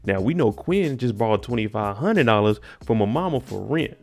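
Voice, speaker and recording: A man's voice: lowish voice, expressive, normal speed, few pauses, darkish tone. A man casually recapping a TV episode, with laid-back, joking slang. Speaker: TV recap host.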